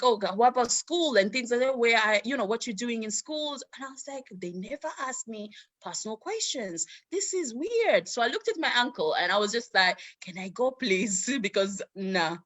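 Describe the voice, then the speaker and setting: A woman's voice: medium pitch, a bit bright. A woman guest telling her life story in conversation, acting out the voices of the people in it. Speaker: interview guest.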